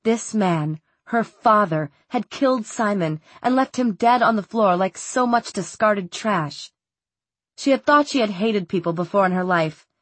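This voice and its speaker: A woman narrating a young-adult fantasy novel in a steady, even storytelling manner. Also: mid-range voice, measured pace, no room sound. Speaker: audiobook narrator. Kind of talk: scripted narration.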